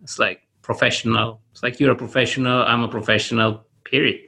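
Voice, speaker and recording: A man hosting a casual conversation on a video call, halting and repeating words as he thinks. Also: mid-range voice, little pitch movement, gravelly, bright, forceful tone.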